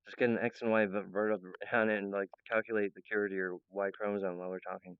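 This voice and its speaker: Young guy rambling on and on, laughs a lot, smooth voice, kinda muffled dry recording. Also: on the low side, flat delivery, fast, no echo. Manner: meandering, laughs often, many restarts. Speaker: channel host. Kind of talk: rambling monologue. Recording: dull, lo-fi, dry sound.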